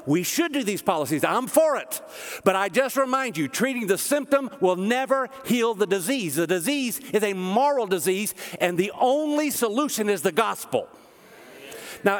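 A middle-aged man preaching a sermon as pastor, emphatic and impassioned, repeating his key phrases. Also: high-pitched. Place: church sanctuary. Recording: long hall reverb.

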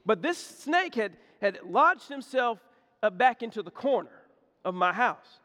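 A man's voice: very high voice, a little slow. A man preaching a sermon, telling a folksy story with lots of repetition and humor. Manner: folksy, animated storytelling, repeats words. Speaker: pastor. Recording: echoey hall.

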